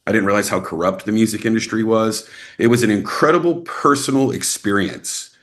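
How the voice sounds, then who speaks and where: Casual interview guest: young adult man from Texas, fairly low voice, animated storyteller who jumps up in pitch when acting out quotes. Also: fairly quick. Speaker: actor and guest.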